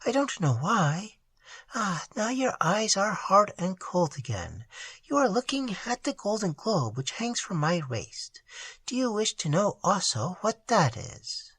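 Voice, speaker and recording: Casting: a reader playing a gentle young woman, soft-spoken, mysterious and close to tears. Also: medium pitch, very animated, measured pace, husky, dry recording, voice pushed up, full character voice. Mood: tearful. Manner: soft, hushed, often whispering. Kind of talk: audiobook character reading.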